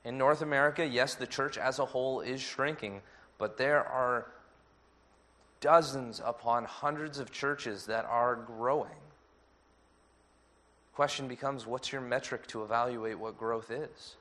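Guy pastor giving a sermon, steady earnest delivery, medium pitch. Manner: measured, earnest preaching with a lively anecdote.

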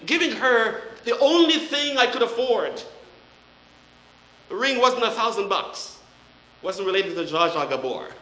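An older man preaching a sermon as a pastor, earnest and then dropping to soft, awed tones. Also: very high-pitched. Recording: roomy hall echo.

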